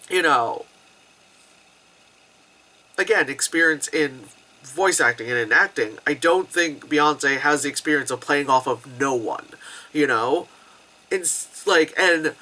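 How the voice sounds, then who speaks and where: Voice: medium pitch, sharp tone. A film reviewer in their thirties ranting casually about movies, chatty and swearing, with lots of fillers. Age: 30s. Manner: chatty, swears, full of fillers and bits of mock voices. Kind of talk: casual rant-style review.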